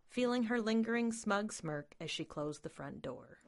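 Female reader, animated narration. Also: mid-range voice, normal speed, hardly any pauses, dry recording, studio quality. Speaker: story reader. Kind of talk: reading a short story.

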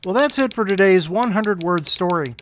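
A podcast host reading a hundred-word story as scripted narration, the voice rising and falling in a lively, animated way. The sign-off is dry and wry, and faint typing clicks can be heard in the background. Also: mid-range voice, moderate pace, slight background noise.

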